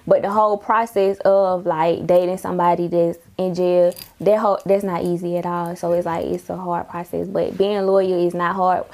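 A woman's voice: lowish voice, flat delivery, normal speed, few pauses, warm tone. A young woman rapper talking in a casual interview, telling stories in a laid-back way with slang and laughter.

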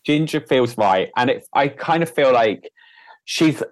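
A man guesting on a podcast, chatting casually at a middle pitch. He is cheeky and trades bawdy jokes, and the recording is close and dry. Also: expressive, unhurried, no echo, low-quality recording. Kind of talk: casual chat.

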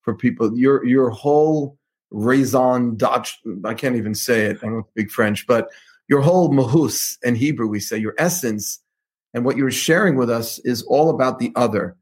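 Husky-voiced rabbi hosting an interview. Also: male voice, mid-range voice, moderate pace, a little mellow. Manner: thoughtful, questioning, drops in Hebrew terms. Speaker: rabbi and podcast host. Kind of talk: interview conversation.

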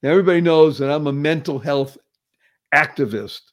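A man's voice: fairly high pitch, brisk. A man hosting a motivational talk show, enthusiastic and effusive, repeating phrases for emphasis. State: paralyzed for years. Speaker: show host.

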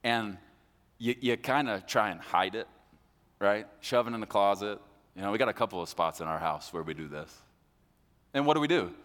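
A man's voice: fairly low pitch, a bit bright. A man pastor giving a conversational sermon, acting out listeners' voices, recorded live in a church hall. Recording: live hall with long reverb.

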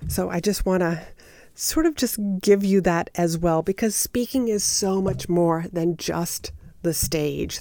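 A woman hosting a podcast as a speaking coach, talking casually with deliberate emphasis, pauses and frequent fillers. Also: medium pitch, darkish tone, dry recording, studio quality. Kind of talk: solo podcast teaching.

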